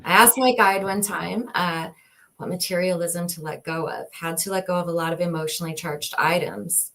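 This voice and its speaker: A woman's voice: fairly low pitch, steady tone, normal speed, a bit bright. A woman co-hosting a casual spiritual live stream, talking reflectively and greeting viewers by name.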